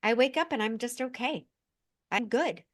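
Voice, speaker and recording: A woman guest on a podcast, talking in a heartfelt, animated way and laughing now and then. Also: fairly high pitch, normal speed, no echo, studio quality. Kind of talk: emotional casual chat.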